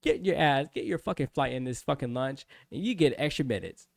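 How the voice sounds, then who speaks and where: A man voicing a blunt male drill instructor, quoted mid-story. He fires off clipped, profane questions and orders in a gravelly, dry-sounding voice. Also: medium pitch, expressive, a little fast, dry recording. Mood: demanding.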